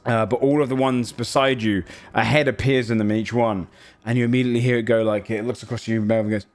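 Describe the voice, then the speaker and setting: Male game master, tabletop narration, rambling, hesitant, mid pitch. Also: steady tone, fast talker, darkish tone, soft background music. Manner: rambling and hesitant, with many fillers.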